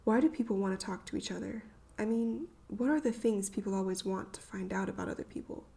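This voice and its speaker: A woman voicing a fragile, frightened young woman, speaking her thoughts in hushed whispers. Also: mid-range voice, a little fast, creaky, breathy edge. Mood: hesitant.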